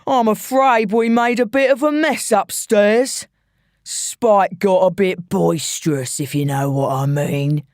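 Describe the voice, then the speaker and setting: A woman voicing a menacing male gangster with a London accent, taunting in a slow, mocking drawl. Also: medium pitch, a little mellow, no echo, clean studio sound, close to an everyday voice.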